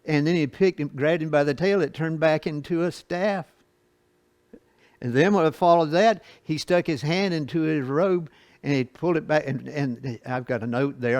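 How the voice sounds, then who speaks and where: A man's voice: a little high, no room sound. Folksy man teaching a Bible lesson. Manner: folksy, reads scripture slowly then explains with asides and chuckles.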